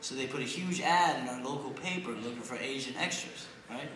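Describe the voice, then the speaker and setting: A man in young adulthood doing a brash stand-up comedy set with deadpan punchlines, on a large theater stage. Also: mid-range voice, a little fast, a little hiss or hum. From Pennsylvania, USA. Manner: brash, deadpan punchlines, shouts in put-on quotes. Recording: echoey theater taped from far off, loud crowd laughter.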